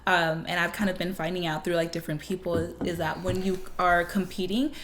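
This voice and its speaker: A woman's voice: on the low side, flat delivery, a little fast, fairly bright tone, slight background noise. A young woman co-hosting a podcast in casual chat, speaking in a reflective, thoughtful way. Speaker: podcast co-host.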